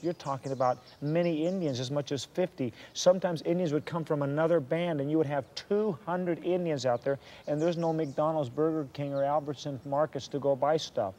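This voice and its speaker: A man's voice: on the high side, warm tone. A man telling a historical story from a Christian view, earnest and given to preachy asides to his listeners.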